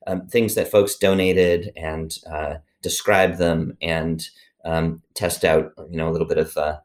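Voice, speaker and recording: A middle-aged man with a fairly low voice talks through his podcast answers at an easy conversational pace. He rambles, restarts his sentences often and fills gaps with ums. His humor is self-deprecating. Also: little pitch movement, measured pace. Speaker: interviewee, former organization president.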